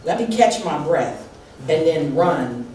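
A woman pastor preaching a sermon with call and response from the congregation, animated and laughing often. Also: low-pitched, slow, a little hiss or hum. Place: church sanctuary. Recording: echoey church hall, distant mic.

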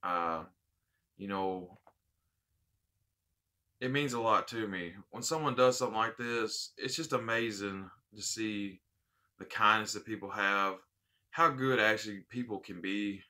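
A man's voice: lowish voice, measured pace, pauses often, sharp tone. A man hosting a casual unboxing vlog, heartfelt and rambling, repeating his thanks. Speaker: vape channel host.

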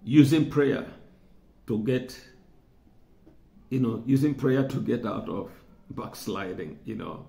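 A man preaching a sermon in a chatty, teaching way, driving points home by repeating words. His voice has a gravelly edge at a middle pitch. The sound is roomy and echoey. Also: expressive, takes it slowly, long pauses, mellow. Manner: conversational, repeats words for emphasis, chuckles.

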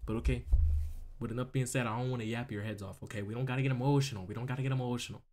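A man's voice: mid-range voice, steady tone, racing, a little mellow. A young man talking casually over his gameplay as a YouTuber, repeating phrases and asking 'you feel me' often. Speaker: gaming YouTuber. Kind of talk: casual let's-play commentary.

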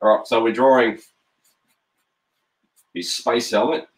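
A man's voice: medium pitch, steady tone, takes it slowly. A middle-aged man with an Australian accent, a cartoonist chatting playfully while drawing live, with frequent ums. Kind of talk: live-stream drawing chat.

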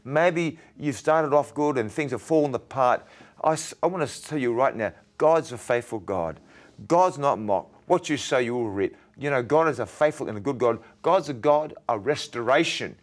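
A man speaks as a guest evangelist on a television interview. His voice sits at an ordinary middle pitch. He tells his story earnestly and haltingly, often circling back over his words. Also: lively intonation. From Australia. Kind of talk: interview testimony.

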